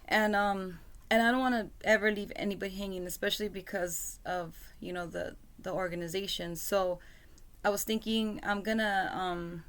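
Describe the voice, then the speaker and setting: A woman's voice: mid-range voice, fairly even intonation, moderate pace. A mother talking casually to her computer camera at home, rambling and apologizing often, with lots of fillers. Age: adult with a school-age son. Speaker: parent vlogger. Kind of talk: casual vlog talk. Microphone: computer webcam mic.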